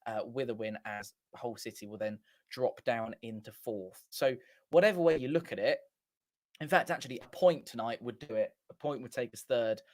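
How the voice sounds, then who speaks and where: A man's voice: medium pitch, moderate pace, darkish tone, no echo. A man hosting a fan watchalong, giving casual live match commentary in a chatty, rambling way and often correcting himself. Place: small home studio.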